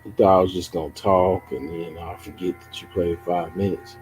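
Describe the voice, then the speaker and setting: A man who streams chess and mocks a viewer, asking drawn-out questions in a teasing way. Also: deep voice, level tone, over music, low-quality recording. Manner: mocking, taunting, drawn-out questions. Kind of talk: casual livestream chat.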